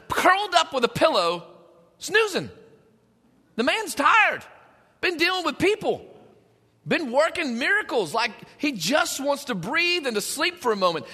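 Animated high-voiced preacher in a hall. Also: male voice. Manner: animated storytelling, acts out scenes. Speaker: pastor. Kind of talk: sermon.

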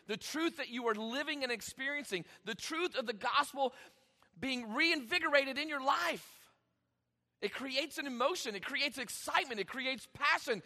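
A man preaching a sermon, emphatic, with dramatic pauses and sudden swings in volume. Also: high-pitched, pushed and bright, in a large hall. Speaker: pastor.

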